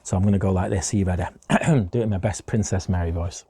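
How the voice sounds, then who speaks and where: Low husky teacher. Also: male voice, steady tone, fast talker, hardly any pauses, dark tone, no echo, studio quality. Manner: chatty, asks the kids questions, shows objects. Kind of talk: video history lesson for children.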